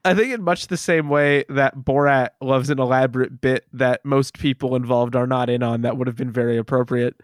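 Man, podcast host, smooth resonant voice, dry close sound, rambling, laughs a lot. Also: medium pitch, steady tone, brisk, few pauses, no echo. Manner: rambling, self-deprecating, laughs often. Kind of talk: casual podcast chat.

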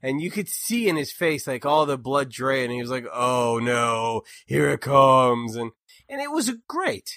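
A man co-hosting a casual political podcast, talking in an animated way and mocking people by quoting them in put-on voices. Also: on the high side, moderate pace, dry recording, studio quality. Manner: animated, mocks others in quoted voices. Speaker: podcast co-host.

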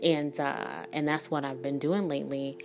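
Woman, thirties, low voice, candid spiritual vlogger; blunt, swears, rambles, faint music under. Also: fairly even intonation, normal speed. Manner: blunt, emphatic, swears freely; rambling, many restarts and "like". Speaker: spiritual reader and energy worker. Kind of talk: candid spiritual vlog talk.

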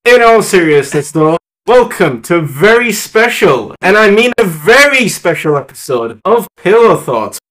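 A man hosts a casual podcast with friends, joking around as he talks. His voice sits high and leaps all over the place. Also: sing-song, measured pace, hardly any pauses, a bit bright. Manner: playful, jokey, opens with a mock American accent. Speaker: podcast host.

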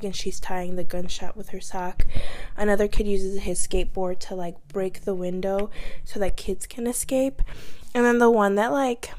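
A woman's voice: mid-range voice, a little mellow. Blunt, chatty woman podcaster. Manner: blunt and chatty, heavy use of "like", swears freely. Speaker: podcast host. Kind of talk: casual celebrity gossip commentary.

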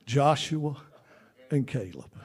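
A man preaching a sermon in a fervent, repetitive style that builds toward shouting. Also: medium pitch, very animated, slow, breathy edge.

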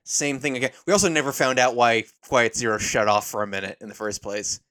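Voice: medium pitch, steady tone, fairly quick, a bit bright, no room sound. A podcast co-host talking casually and sarcastically, playing up mock anger about an anime. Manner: sarcastic, playfully exaggerated anger.

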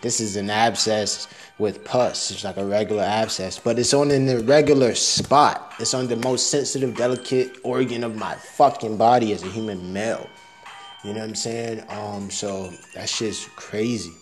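A man's voice: lowish voice, steady tone, moderate pace, soft background music. A young man rambling through a casual, profane audio diary, laughing at his own jokes.

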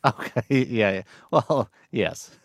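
A man's voice: medium pitch, takes it slowly, dry recording. A man co-hosting a casual chat, giving short dry replies and laughing along. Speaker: podcast co-host.

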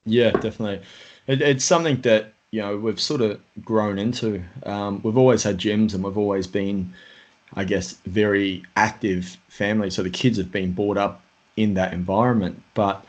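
Rambling podcast host, low voice. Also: male voice, steady tone, moderate pace. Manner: rambling, lots of fillers like "you know". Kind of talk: casual conversation. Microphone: home podcast microphone.

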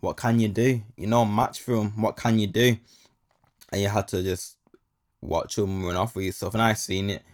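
A man's voice: lowish voice, steady tone, normal speed. A young man, telling a casual story full of slang and repeated phrases.

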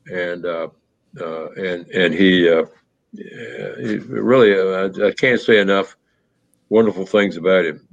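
A man telling a personal story in a reflective, conversational way, pausing often with fillers and restarts. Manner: halting, many restarts and fillers. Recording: muffled low-fidelity audio.

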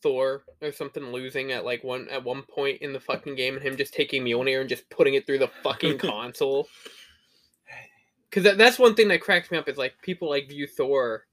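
A man's voice: mid-range voice, brisk, few pauses, fairly bright tone. A young man co-hosting a podcast, telling stories in a laid-back, swearing, casual way. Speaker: podcast co-host. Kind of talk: casual rant.

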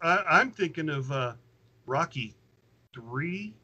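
A man's voice: a little high, slow pace, slightly rough, no room sound, dull audio. A man playing a tabletop game, eager and tripping over his words as he describes his moves. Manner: excited, stumbling restarts. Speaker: player. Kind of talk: casual tabletop game chat.

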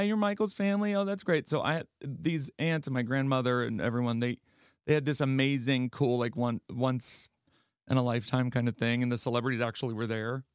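Brief: man from Maryland, casual podcast guest, lively storyteller, dry close sound. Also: medium pitch, clean tone, no room sound. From Garrett County, Maryland. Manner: animated storyteller, acts out quoted voices. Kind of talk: casual chat.

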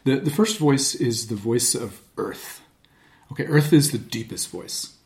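A man's voice: lively intonation, measured pace, gravelly, darkish tone. A man speaking as a voice coach in a podcast studio, explaining in casual conversation and dropping or raising his voice to demonstrate. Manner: demonstrative, shifts his voice low and high to show examples.

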